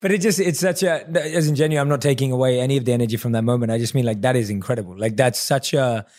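A man hosting a podcast conversation, with a medium-pitched voice. He reacts with eager affirmations and strings out his questions at length, circling back before he lands on his point. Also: fast, a little mellow. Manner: enthusiastic, affirming, rambling questions. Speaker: podcast host. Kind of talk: podcast interview.

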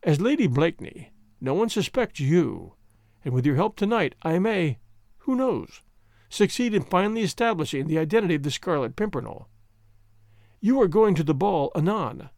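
A man's voice: fairly high pitch, very animated, moderate pace, vocal fry, a little mellow, no echo. A man voicing a cold, relentless male French diplomat in an audiobook, speaking dryly and without mercy. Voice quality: dry, relentless delivery.

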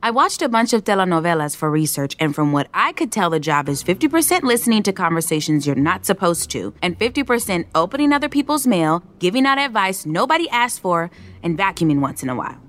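A woman's voice: fairly low pitch, very animated, fast talker, a bit bright. A young woman playing a bossy, scheming young woman bent on revenge, with dry sarcastic delivery in a comedic parody. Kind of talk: comedic telenovela parody acting.

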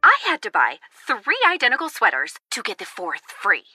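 A woman's voice: a little high, huge pitch swings, moderate pace, bright, forceful tone, soft background music, heavily acted. A woman playing a disgruntled shopper calling in to a radio show in a comedic ad skit. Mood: complaining. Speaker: caller in an ad skit.

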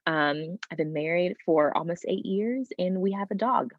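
A woman in her thirties from South Georgia with a Southern accent, a wardrobe stylist speaking as a podcast guest in a thoughtful, measured way, with many fillers. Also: lowish voice, dry recording, phone-quality sound. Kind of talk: podcast interview.

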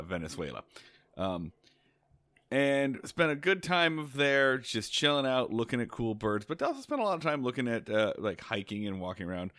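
A man's voice: on the low side, fairly bright tone, dry recording. A man co-hosting a casual podcast, telling a rambling story with many restarts and laughs. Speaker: podcast co-host.

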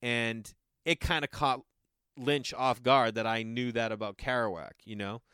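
A man's voice: mid-range voice, fairly even intonation, a little slow, bright, forceful tone, clear, resonant tone, no room sound, clean studio sound. A man telling a rambling story in a casual way, with lots of fillers and some swearing.

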